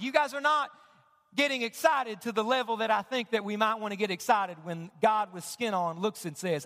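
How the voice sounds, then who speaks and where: A male pastor preaching a sermon, animated, leading his congregation in call-and-response. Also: very high-pitched, fairly quick, creaky, in a large hall. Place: church sanctuary.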